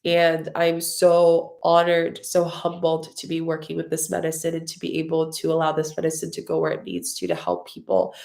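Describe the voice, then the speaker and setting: A woman's voice: deep voice, moderate pace, gravelly, few pauses, a little mellow. A woman hosting a live stream, answering viewer comments in a loose, rambling way, effusive and openly emotional with lots of gratitude. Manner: loose, rambling with many fillers. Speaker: spiritual mentor and channel host.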